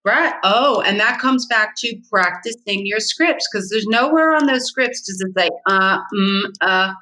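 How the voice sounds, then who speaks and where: A woman's voice: mid-range voice, a little slow, hardly any pauses, bright, forceful tone, rough recording. A middle-aged woman, a real estate agent speaking as an interview guest, blunt and emphatic, hammering her points home by repeating them. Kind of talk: candid interview talk.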